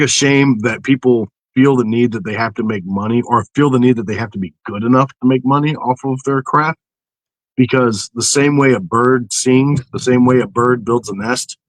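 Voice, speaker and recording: A man's voice: medium pitch, no room sound, rough recording. A man in casual podcast chat, swearing freely and acting out voices as he tells stories. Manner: profane, animated storytelling with mocking inner voices.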